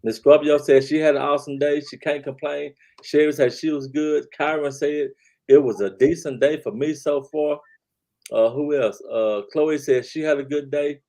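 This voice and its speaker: A man's voice: fairly high pitch, fairly even intonation, moderate pace, warm tone. Laid-back man hosting a chat stream. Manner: laid-back, repeats "man" and "y'all", reads chat aloud. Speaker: talk show host. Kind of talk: casual live-stream chat.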